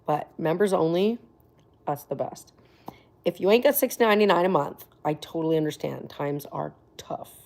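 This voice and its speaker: Chatty woman livestreamer with low pitch. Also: a little fast, gravelly, hardly any pauses, darkish tone. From Florida. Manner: chatty, laughs often, drops to near whispers. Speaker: livestream host. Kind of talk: casual livestream chat with viewers.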